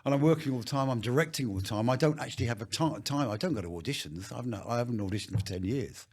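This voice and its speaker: Husky middle-aged man telling anecdotes. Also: medium pitch, fast. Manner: swears freely, tells anecdotes with put-on voices. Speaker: actor and director, podcast guest. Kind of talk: casual interview storytelling.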